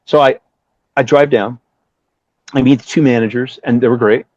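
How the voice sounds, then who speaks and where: A middle-aged Southern California musician speaks at a normal speed in a steady, slightly mellow mid-range voice. As a guest in a casual interview, he tells a story full of swearing and acted-out voices of other people. The recording is dry and slightly dull, with no room sound.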